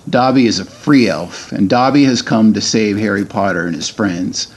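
A man reading aloud as a small, loyal and defiant house-elf, plainly and in his own low voice. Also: normal speed, lightly acted.

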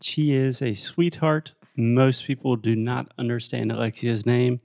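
A man co-hosting a podcast in casual chat, telling stories in a wry, deadpan way and correcting word usage. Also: medium pitch, measured pace, creaky, no room sound, studio quality. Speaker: podcast co-host.

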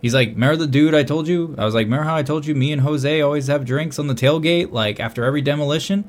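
A young man casually telling a long story on a podcast, swearing often and getting loud when he quotes himself. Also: a little high, fast talker. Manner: animated, swears a lot, loud bursts when quoting himself. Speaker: podcast co-host.

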